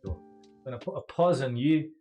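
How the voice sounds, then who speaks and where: A man's voice: medium pitch, animated, normal speed, dark tone, faint music behind. A man streaming a game, chatting casually and swearing a lot in a put-on Scottish accent. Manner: chatty, profane, jokey. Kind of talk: casual gameplay commentary.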